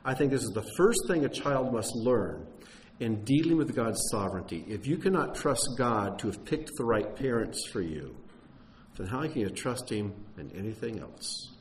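A middle-aged man preaching a sermon in an earnest teaching tone, restarting phrases and rising in pitch on key points. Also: a little hiss or hum, low-quality recording.

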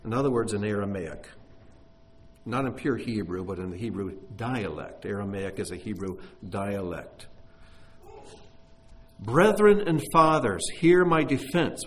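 A man teaching a sermon who reads scripture aloud expressively and then explains it in plain, conversational commentary. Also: on the low side. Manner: expressive reading, breaks off into plain-spoken commentary. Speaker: Bible teacher.

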